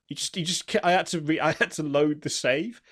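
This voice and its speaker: A man's voice: on the high side, brisk, a bit bright, breathy edge. A man co-hosting a gaming podcast, telling stories of failure with laughs and swearing. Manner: laughing, exasperated storytelling with swearing. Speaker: podcast co-host. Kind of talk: casual gaming chat.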